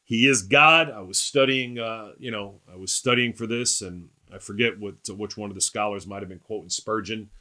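A man's voice: fairly low pitch, normal speed, hardly any pauses, sharp tone. A man teaching through a Bible passage verse by verse, emphatic, often asking rhetorical questions and checking in with "right?".

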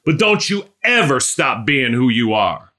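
A man's voice: mid-range voice, sing-song, unhurried, sharp tone. A man preaching a sermon, telling a story and building to emphatic exhortation.

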